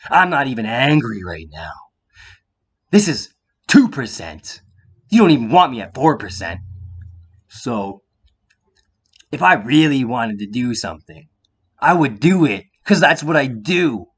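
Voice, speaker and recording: A man in a heated monologue to the viewer, confrontational, firing rhetorical questions and swearing, sometimes going quiet and calm. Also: mid-range voice, measured pace, pauses often, husky. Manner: drops into a quiet calm voice at times. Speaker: vlogger.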